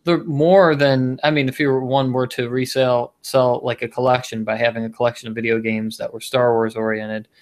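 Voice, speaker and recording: A man's voice: medium pitch, level tone, normal speed, hardly any pauses. A man co-hosting a casual podcast, talking in a rambling way with many restarts and fillers. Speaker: podcast co-host. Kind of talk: casual chat.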